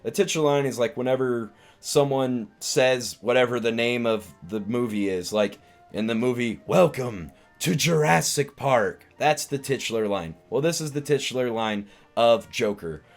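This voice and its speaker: A man's voice: mid-range voice, normal speed. Guy streaming, just rambling about a movie, keeps restarting, says like a lot, faint guitar in the back. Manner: rambling, many restarts and "like" fillers. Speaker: live-stream host, comedian. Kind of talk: casual rambling film recap.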